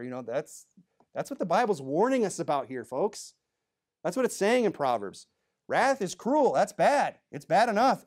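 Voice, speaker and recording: In a church, a male pastor delivers a sermon in a conversational way, peppering it with "you know" asides. He swings between emphatic outbursts and low, hushed comments.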